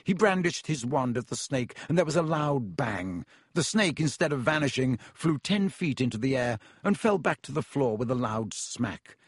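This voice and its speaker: A man narrating an audiobook in a measured storytelling manner. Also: medium pitch, big pitch swings, slightly rough, no echo, studio quality. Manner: measured storytelling with voiced characters.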